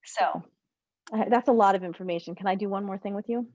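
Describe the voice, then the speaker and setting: A woman's voice: medium pitch, fast, dull audio. Rambling woman coaching over video call. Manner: rambling, self-correcting, animated explanations. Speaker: relationship coach. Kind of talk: group coaching session.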